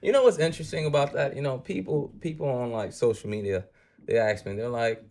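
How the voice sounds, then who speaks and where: Casting: man guest, casual, rambles with you-knows, mid-pitched voice. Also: brisk. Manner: warm rambling speech, many fillers. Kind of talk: casual chat.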